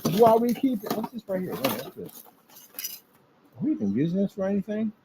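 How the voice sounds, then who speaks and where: Boastful animated man in a workshop. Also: high voice, fast, slight background noise, low-quality recording. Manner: boastful, animated trash talk. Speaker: PC builder. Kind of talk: casual workshop vlog.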